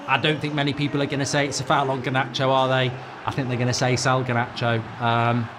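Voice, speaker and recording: A man's voice: mid-range voice, background noise. A middle-aged man hosting a football fan channel, ranting and swearing through live match reaction commentary.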